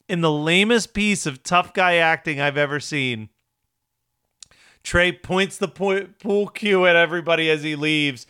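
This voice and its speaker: A man's voice: on the high side, pushed and bright, clear, resonant tone, no room sound, studio quality. A man co-hosting a podcast, recapping a TV episode in casual, wry chat and laughing often.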